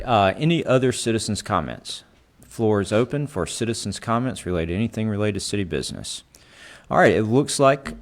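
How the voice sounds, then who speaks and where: A man with a lowish voice runs a council meeting as mayor. He moves briskly from speaker to speaker and keeps saying "all right" as he goes.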